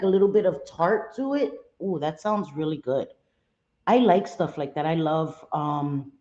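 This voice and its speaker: A woman's voice: on the low side, a little mellow, roomy sound, lo-fi sound. A middle-aged woman hosting a casual live stream, chatting expressively and greeting viewers by name. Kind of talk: casual live chat reading viewer comments.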